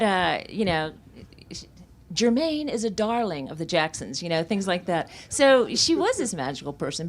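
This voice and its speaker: Low-voiced woman telling candid memories. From Central Florida. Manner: candid, reflective storytelling. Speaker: author discussing her memoir. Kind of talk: conversational book talk. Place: bookstore event.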